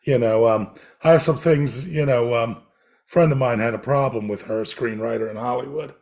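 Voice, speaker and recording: A man co-hosting a film podcast, chatting excitedly with many ums. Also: mid-range voice, moderate pace. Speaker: podcast co-host reviewing films. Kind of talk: casual chat.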